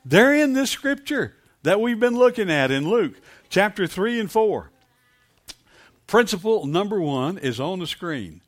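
A man's voice: high voice, big pitch swings, unhurried. A man preaching a sermon, calling on the congregation for amens and building to emphatic peaks. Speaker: pastor.

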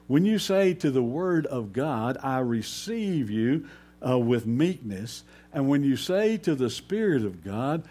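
A man preaching a sermon slowly and emphatically, pausing often and rising to sudden loud peaks. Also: medium pitch, slight background noise. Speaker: pastor.

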